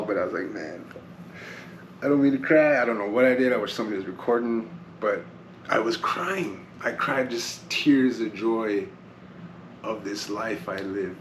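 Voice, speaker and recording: A man speaking earnestly in a personal vlog about his recovery, rambling and repeating phrases as he tells his story. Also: medium pitch. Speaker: recovery vlogger. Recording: roomy echo, faint background noise.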